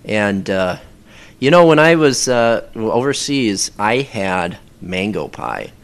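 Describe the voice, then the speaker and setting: A man chatting casually as a podcast guest, rambling with many pauses and fillers. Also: on the low side, very animated, clear, resonant tone. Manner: rambling, hesitant, lots of ums. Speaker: voice actor guest.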